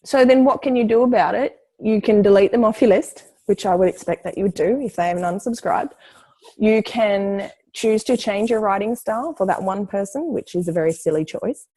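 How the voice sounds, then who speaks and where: Warm-voiced woman giving direct advice. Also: mid-range voice, a little fast, low-quality recording. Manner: direct, explanatory, confident. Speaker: interview guest, coach. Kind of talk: casual conversational interview.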